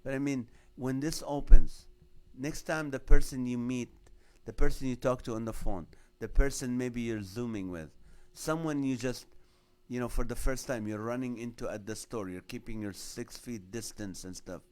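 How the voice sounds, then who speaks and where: A man's voice: medium pitch, moderate pace, few pauses. A middle-aged man, a comedian hosting his own show, telling a personal story with a faith message and acting out the voices of the people in it. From Middle Eastern background. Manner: animated storyteller acting out dialogue.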